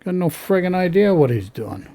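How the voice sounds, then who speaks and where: A man's voice: high voice, very animated, normal speed, warm tone. A man ranting bluntly about politics in an exasperated tone. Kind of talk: casual political rant.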